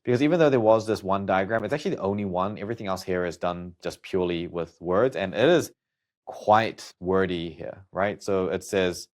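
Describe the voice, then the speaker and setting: A man's voice: low voice, fairly quick. A man going through students' study notes and explaining them in a casual, thinking-aloud way. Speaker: study coach.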